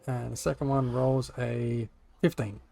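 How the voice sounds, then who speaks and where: A man's voice: mid-range voice, fairly even intonation, measured pace, creaky, mellow. An Australian man running a tabletop game as game master, easygoing, with brief replies.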